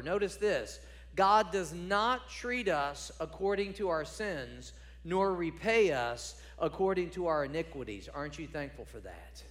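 A man's voice: fairly high pitch, animated, measured pace, fairly bright tone, long reverb tail. A man preaching a sermon as a pastor, conversational and emphatic, repeating phrases for stress.

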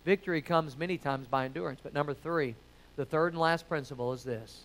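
A man's voice: on the high side, brisk, fairly bright tone. A man preaching a sermon, emphatic and conversational, full of rhetorical questions.

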